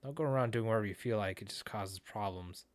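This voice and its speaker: A man's voice: fairly low pitch, quick pace, dry recording, close to an everyday voice. A man reading a stern, cool young woman.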